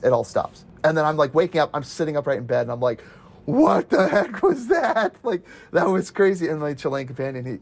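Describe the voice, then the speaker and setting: A man's voice: medium pitch, a little mellow. A man casually recounting his missionary days as an interview guest, chatty, laughing often and acting out the voices he quotes.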